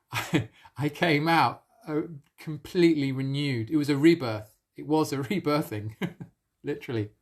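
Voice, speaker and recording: A man's voice: fairly high pitch, unhurried. Earnest man sharing a spiritual story. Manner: earnest and emotional, laughs softly between phrases. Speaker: spiritual coach. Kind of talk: live-streamed personal storytelling.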